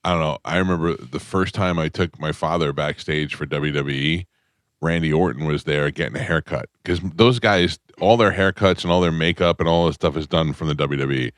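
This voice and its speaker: A man's voice: rumbling low, a little fast, dry recording, studio quality. A man hosting a casual morning radio show, telling rambling stories and acting out the voices of people he quotes. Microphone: studio microphone.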